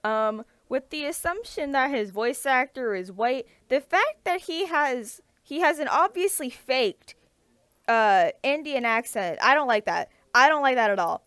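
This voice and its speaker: A woman's voice: high voice, animated, unhurried, fairly bright tone, smooth, no echo. A woman co-hosting a casual chat, talking with eager enthusiasm and many restarts. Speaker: podcast co-host.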